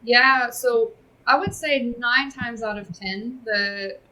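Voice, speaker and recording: Upbeat woman from california on a podcast, bright tone, explains stuff smoothly. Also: a little high, slow pace, rough recording. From California, USA. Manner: upbeat, fluent explaining with some fillers. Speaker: podcast guest, software company representative. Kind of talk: casual interview chat.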